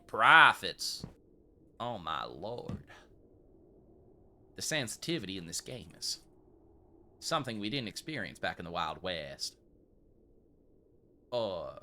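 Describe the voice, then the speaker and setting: A man with a lowish, sharp-toned voice gives casual gameplay commentary while streaming a shop game, role-playing a polite old-west shopkeeper in a put-on regal accent and calling customers sir and ma'am.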